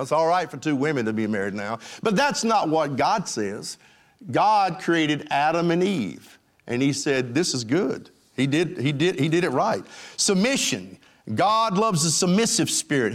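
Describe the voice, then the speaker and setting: An older man preaching a folksy sermon, with emphatic lines and joking asides. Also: fairly high pitch. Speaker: pastor.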